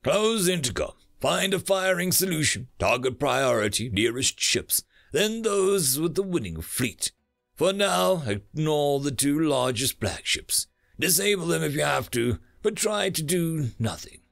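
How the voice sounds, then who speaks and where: A man's voice: a little high, very animated, measured pace, vocal fry, a bit bright, soft background music, heavily acted. A man voicing a decisive male starship captain giving orders in a narrated sci-fi story. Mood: commanding. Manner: clipped commands, grave speeches.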